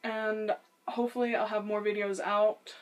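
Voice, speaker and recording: A woman chatting casually as she reacts to a friend's video, giggly and quick to apologize. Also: medium pitch, flat delivery.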